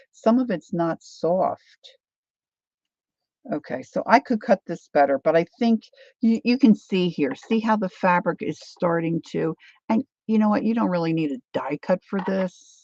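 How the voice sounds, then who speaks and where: A woman's voice: deep voice, gravelly, darkish tone, no room sound, lo-fi sound. A woman hosting a craft livestream, rambling chattily through a demo and answering viewer comments.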